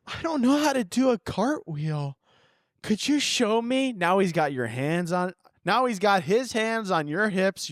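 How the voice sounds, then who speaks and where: A man hosting a comedic advice podcast, cursing freely and ranting overdramatically, jumping from muttered asides to shouts and acting out both sides of imagined chats in mocking voices. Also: high-pitched, no room sound, studio quality. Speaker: podcast host giving advice.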